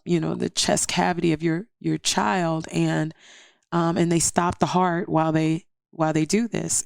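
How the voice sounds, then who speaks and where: Animated woman telling a heartfelt story. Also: low voice, creaky, clear, resonant tone, no room sound, clean studio sound. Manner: animated storyteller, acting out voices with laughter. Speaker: podcast guest. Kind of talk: personal testimony.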